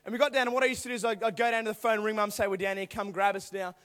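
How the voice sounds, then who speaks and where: A young man preaching to a youth group through animated personal stories, acting out voices and now and then bursting into shouts. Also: high-pitched, racing. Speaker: youth speaker. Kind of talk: storytelling youth sermon.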